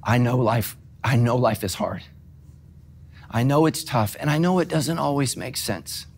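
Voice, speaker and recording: A man's voice: mid-range voice, measured pace, vocal fry. A middle-aged male pastor preaching a sermon, conversational and emotional, with self-deprecating humor.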